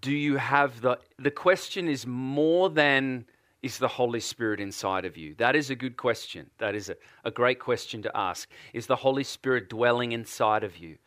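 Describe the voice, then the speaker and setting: A man's voice: medium pitch, fairly bright tone, dry recording, clean studio sound. A man from Australia with an Australian accent, preaching a sermon and putting earnest repeated questions to a congregation.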